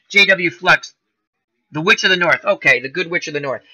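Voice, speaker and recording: A man's voice: fairly high pitch, fairly quick, pushed and bright, no room sound, dull audio. A man hosting a casual live-stream chat, reading comments aloud, rambling and chuckling through tangents.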